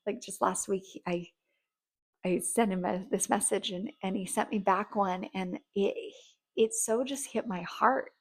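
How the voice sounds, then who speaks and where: A woman's voice: mid-range voice, unhurried. A woman in casual, rambling talk, giving relationship advice and acting out sweet, grateful thank-yous. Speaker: relationship coach.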